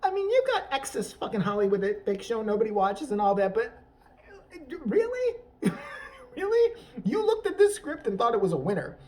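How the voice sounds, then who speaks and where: A man's voice: high-pitched, big pitch swings, quick pace, distant mic. A man riffing through an improvised, profane comedy rant, rambling and laughing at his own jokes. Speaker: comedy vlogger.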